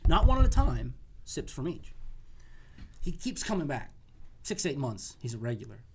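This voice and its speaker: A man hosting a podcast in casual chat, at an ordinary pitch. He jokes around, swears freely and slips into silly voices. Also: wildly swooping pitch, moderate pace, darkish tone, a little hiss or hum. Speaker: podcast host.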